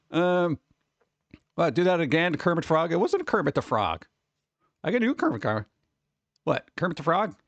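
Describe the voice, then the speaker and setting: A man hosting a livestream, chatting casually and rambling excitably with viewers, often laughing. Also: sits high, no room sound, dull audio. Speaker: livestream host. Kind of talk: casual chat with live viewers.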